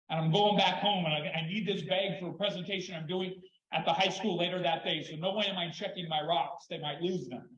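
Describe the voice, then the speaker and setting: An older man with a lively, high-pitched voice tells an animated story as a speaker at a conference. He's expressive and repeats words when he gets excited. The recording from the conference hall is echoey and dull.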